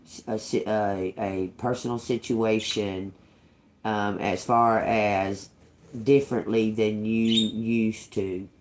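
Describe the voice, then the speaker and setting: A woman's voice: a bass voice, fairly even intonation, takes it slowly, a little mellow, a little hiss or hum. A woman tarot reader in casual spiritual talk to her viewers, rambling and restarting, swearing freely and laughing often.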